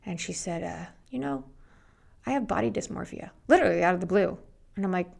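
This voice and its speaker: Gravelly-voiced woman telling her story. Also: fairly low pitch, brisk. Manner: animated, acts out quoted voices. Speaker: guest. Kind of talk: storytelling interview.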